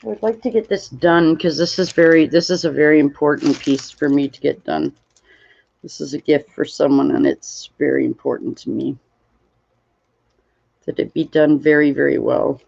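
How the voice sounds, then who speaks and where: Her voice sits low, gravelly and a little mellow with a breathy edge as she hosts a relaxed crafting livestream. She's tired and yawning, rambling slowly, greeting chat viewers and reading comments aloud over dull lo-fi audio.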